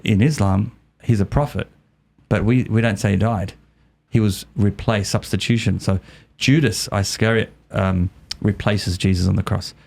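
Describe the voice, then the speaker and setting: A man's voice: lowish voice, creaky. A middle-aged man, a podcast guest, casually retelling a story and often repeating words as he goes. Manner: animated, repeats words while telling a story.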